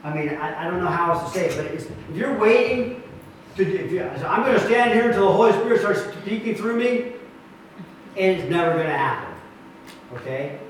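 A man's voice: high-pitched, lively intonation, a little fast, a little hiss or hum. A man pastoring a church, teaching his group in an earnest, emphatic way, with many restarts. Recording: echoey room, mic far off.

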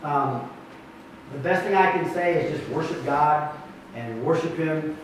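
A man's voice: a little high, measured pace, a little hiss or hum. A man pastoring a church, teaching his group in an earnest, emphatic way, with many restarts. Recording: echoey room, mic far off.

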